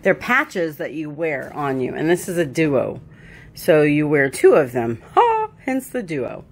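A woman's voice: low voice, sing-song, measured pace. A woman filming her dog and toddler at home, laughing often and talking to them in a sing-song voice. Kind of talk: casual home video chatter.

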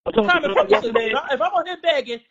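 A woman's voice: high-pitched, expressive, fast talker, lo-fi sound, crowd noise. A woman hosting a live stream, insistently repeating requests and stammering as she talks. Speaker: live-stream host asking viewers for money. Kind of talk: casual live-stream chat.

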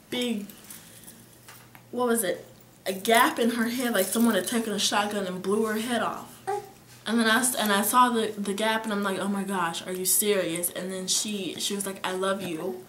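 A teenage girl telling a vivid dream in casual storytelling, her voice dropping to whispers and rising to near-shouts. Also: on the high side, a little hiss or hum. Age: teens. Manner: emotional, swings between whispers and near-shouting. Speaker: guest sharing a dream. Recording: echoey room.

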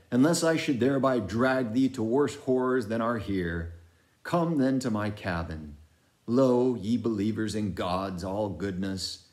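A man's voice: on the low side, a little mellow. A man doing a declaiming old sea captain. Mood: solemn. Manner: archaic, declamatory speech. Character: obsessed old sea captain, commanding and brooding.

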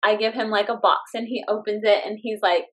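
A woman in her thirties, a guest telling her family story in a lively way, laughing often and acting out what others said. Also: mid-range voice, a little fast. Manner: animated, laughing often, acts out quotes. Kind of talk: casual storytelling interview.

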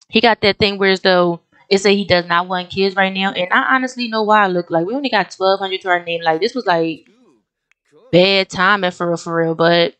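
A young woman hosting a life-sim let's play, talking casually and excitedly straight to her viewers, often breaking into exclamations. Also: mid-range voice, clean tone. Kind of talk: casual gameplay commentary.

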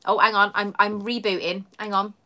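This livestream host, a woman from the London area with a southern English accent, rambles casually from home and reads out viewer comments. Her medium-pitched voice has little pitch movement and a bright, forceful tone at a normal speed.

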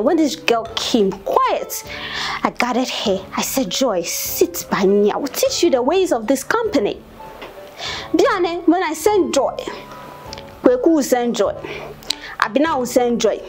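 A woman with a Ghanaian accent playing a bossy, gossipy office worker who rants and repeats herself in indignation. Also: on the high side. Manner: indignant, repetitive ranting. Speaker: office colleague. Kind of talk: comic web-series acting.

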